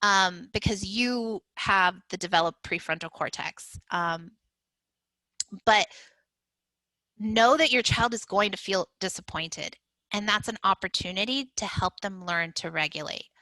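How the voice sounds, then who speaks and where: A woman's voice: mid-range voice, a little slow, bright, forceful tone, dry recording, poor audio. A woman educator giving a conversational parenting talk, with frequent fillers and restarts. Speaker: early childhood educator.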